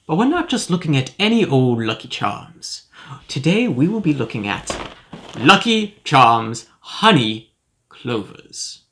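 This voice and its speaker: Guy doing a pompous mock-scholarly professor, slow and bright, voice swoops up and down. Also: mid-range voice, very animated, a little hiss or hum, heavily acted. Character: pompous male professor cereal reviewer. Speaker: host. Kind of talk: comedic character monologue.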